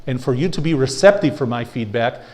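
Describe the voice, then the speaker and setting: Animated male lecturer with lively pitch. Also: fairly quick. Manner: animated, has the audience repeat phrases; rhetorical questions, blunt. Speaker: leadership lecturer. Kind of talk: lecture to a live audience. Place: lecture room with audience.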